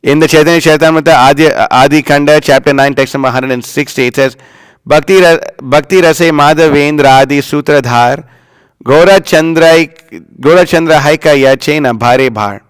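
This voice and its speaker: A man's voice: fairly high pitch, moderate pace, clean tone, no echo, poor audio. Man giving a devotional class. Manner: chants Sanskrit verses, then explains with storytelling; emphatic, acts out quoted lines. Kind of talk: religious class talk.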